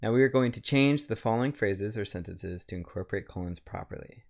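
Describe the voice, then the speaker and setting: Guy with a lowish voice teaching grammar, calm and step by step, slows down on the examples. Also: vocal fry. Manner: measured, explains step by step, slows for example sentences. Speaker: writing center instructor. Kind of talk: recorded grammar lecture.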